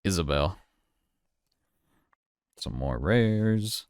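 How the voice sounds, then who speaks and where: A man casually talking through a card pack unboxing, relaxed and chatty, thinking aloud as he goes. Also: low-pitched, very slow, clean tone, dry recording, studio quality. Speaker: card collector streamer.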